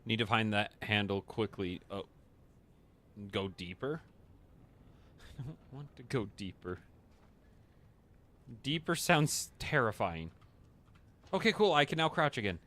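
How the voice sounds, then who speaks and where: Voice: medium pitch, expressive, measured pace, pauses often, a bit bright. A gaming streamer commenting on a horror game, jumpy and chatty, talking back to the characters and dropping to a whisper when tense. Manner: drops to a whisper in tense moments. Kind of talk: horror let's play commentary.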